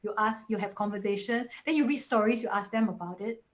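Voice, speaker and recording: A woman's voice: medium pitch, fairly quick. A woman in her forties with a Singaporean English accent, talking casually and animatedly as a guest in a webinar, often acting out quoted voices.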